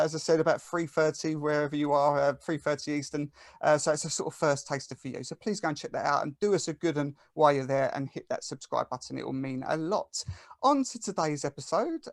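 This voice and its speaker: A man's voice: on the high side, dry recording, clean studio sound. A man with an Essex accent hosting a podcast, chatting casually and plugging the show. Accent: Essex English. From England. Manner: chatty, thanks listeners and plugs the show. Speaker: podcast host. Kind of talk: casual chat.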